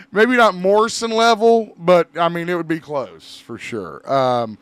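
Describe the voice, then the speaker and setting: A man's voice: high-pitched, measured pace, clear, resonant tone, no room sound. A man hosting a podcast in casual chat, swearing freely, laughing often and rambling between topics. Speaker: podcast host.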